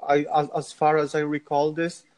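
A man with a Polish accent, a podcast guest telling stories in a halting way with many restarts. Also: on the high side, monotone, darkish tone. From Poland. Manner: halting, many repeated starts. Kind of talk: casual interview.

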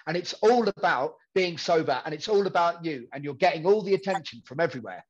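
A man's voice: fairly high pitch, animated, fairly quick. Rambling man on a dull recording. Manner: rambling, repeats himself, acts out quoted voices. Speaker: podcast guest in recovery. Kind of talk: candid conversational storytelling.

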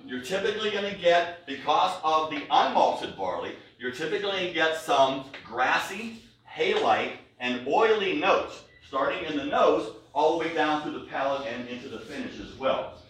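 A man's voice: a little high, lively intonation, moderate pace, a bit bright, recorded from a distance, a little hiss or hum. A man presenting a whiskey tasting to a live audience, chatty and jokey, with many fillers. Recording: echoey room, recorded from afar.

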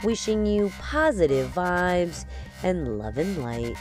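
A woman's voice: fairly low pitch, sing-song, takes it slowly, music in the background. A woman from New Jersey with a New Jersey accent, hosting a casual solo podcast in a brash, profane and playful way. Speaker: podcast host.

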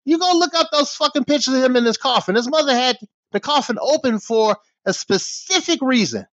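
A man's voice: very high voice, lively intonation, fairly quick, fairly bright tone, dry recording. Man, American, angry ranting, profane, muffled lo-fi, dry room. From United States. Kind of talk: ranting vlog monologue. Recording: dull lo-fi dry recording.

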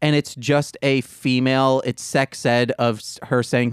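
A man's voice: mid-range voice, flat delivery, unhurried, few pauses, clear, resonant tone, no room sound, clean studio sound. A man co-hosting a podcast in casual chat, explaining things earnestly. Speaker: podcast co-host.

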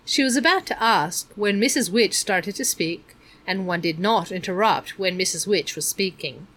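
A woman narrating a storybook aloud in a measured, expressive reading. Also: medium pitch. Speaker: audiobook reader.

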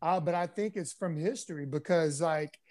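A man being interviewed on a podcast as a former pro basketball player, telling stories in a relaxed way with plenty of fillers. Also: fairly high pitch, normal speed. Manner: relaxed storyteller, easygoing with frequent fillers.

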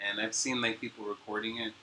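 A man with a New York accent, co-hosting a podcast in casual chat. He talks in an animated, bubbly way and laughs often. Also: lowish voice, fast, a little hiss or hum, poor audio. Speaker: podcast co-host.

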